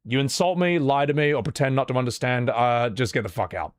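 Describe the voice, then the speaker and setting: A man's voice: medium pitch, brisk, clear, resonant tone, no room sound. A man streaming live, chatting casually with his viewers, blunt and profane as he vents his exasperation, often restarting his sentences. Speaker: livestreamer. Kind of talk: casual livestream chat.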